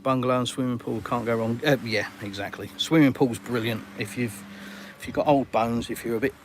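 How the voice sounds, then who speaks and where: A man's voice: medium pitch, fairly even intonation, fairly quick, slight background noise. A middle-aged English man hosting a casual live Q&A from a sunny balcony, blunt and full of jokey banter. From England. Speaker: livestream host.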